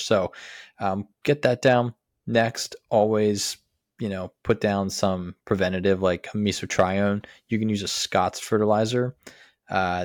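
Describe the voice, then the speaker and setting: A man co-hosting a lawn care podcast, explaining steps in a relaxed way with many fillers. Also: low-pitched, dry recording, studio quality. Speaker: podcast co-host. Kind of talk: casual how-to chat.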